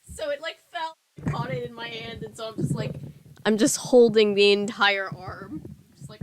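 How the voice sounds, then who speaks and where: A woman's voice: a little high, normal speed, crowd noise. A woman co-host chatting casually and a little flustered, her voice faint and distant from the mic. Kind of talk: casual chat.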